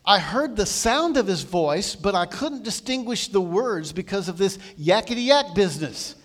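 A man preaching a sermon, retelling a story with animated delivery and quoting voices that swing from loud to hushed. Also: high voice, moderate pace.

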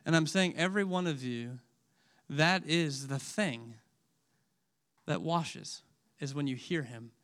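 Male preacher, high pitch, emotional sermon delivery that swings between loud and hushed. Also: takes it slowly, long pauses. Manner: asks audience questions.

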